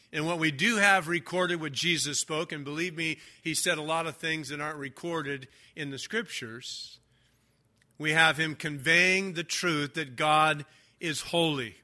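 An older man preaching a sermon, stressing key words slowly and swinging between loud declarations and quiet asides. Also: high-pitched. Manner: emphatic preaching, stretching key words, rising and dropping loudness. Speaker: pastor.

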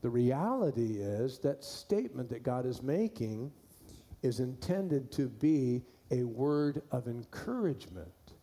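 Male pastor, unhurried folksy sermon delivery, dark warm voice. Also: medium pitch, big pitch swings. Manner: folksy, repeats key phrases for emphasis. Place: church.

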